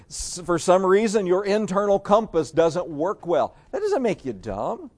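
Male pastor, slightly high voice, conversational folksy sermon delivery. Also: a little mellow. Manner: folksy, conversational preaching with rhetorical questions.

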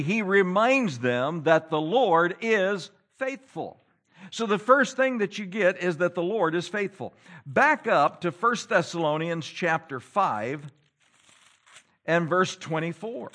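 A man preaching a sermon to his church, swinging between loud emphasis and low hushed lines and reading scripture in old-fashioned wording. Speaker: pastor.

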